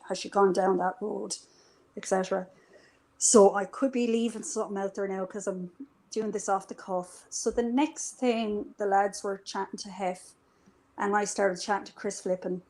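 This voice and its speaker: A woman's voice: mid-range voice, rough recording. A woman chatting casually as an interview guest, telling a story with lots of swearing and acting out what people said. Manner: animated, swears freely, acts out quoted dialogue. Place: live stream conversation.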